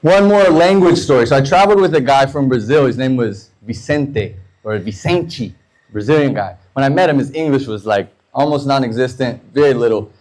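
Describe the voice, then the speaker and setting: A man in his thirties from the United States doing a stand-up set, telling loose, profane stories and slipping into quick voices for the people in them. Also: mid-range voice, darkish tone, low-quality recording. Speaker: stand-up comedian.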